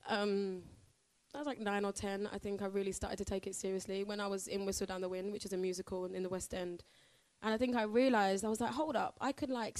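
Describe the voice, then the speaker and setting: A woman's voice: mid-range voice, a little mellow, no room sound. A woman, chatting in a bubbly, casual way as a singer answering questions from a live audience. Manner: bubbly, chatty, laughs often.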